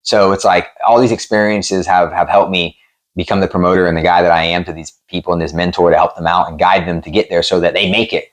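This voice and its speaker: A man who promotes MMA and used to fight, telling gym stories in a casual interview, profane and animated, acting out what people said. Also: low voice, fast. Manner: animated, profane, acts out quotes.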